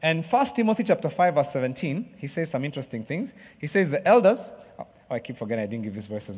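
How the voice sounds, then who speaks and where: Man, higher-pitched preacher, chatty sermon with playful asides, long hall reverb. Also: fast, husky. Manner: conversational, playful with the congregation, bursts into excited cheering.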